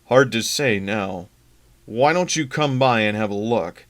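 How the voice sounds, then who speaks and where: A man reading a slow, firm schoolteacher. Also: on the low side, lively intonation. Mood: matter-of-fact. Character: older male science teacher, matter-of-fact.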